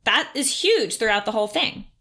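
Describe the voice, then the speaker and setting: A woman's voice: on the high side, animated, normal speed, sharp tone. A woman co-hosting a podcast, chatting casually about a book and animatedly retelling scenes, acting out characters' lines and saying "like" a lot. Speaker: podcast co-host. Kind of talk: casual book-discussion chat.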